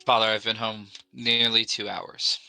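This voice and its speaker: A man's voice: fairly low pitch, flat delivery, unhurried, creaky, sharp tone, smooth, no echo, faint music behind, full character voice, low-quality recording. A man voicing a resentful young adult son and ship captain who speaks in clipped, bitter lines.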